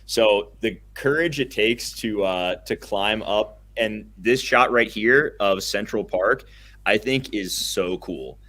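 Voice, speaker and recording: A young man co-hosting a casual podcast, chatting enthusiastically and rambling a little, quick to laugh. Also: lowish voice, a bit bright. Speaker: podcast co-host.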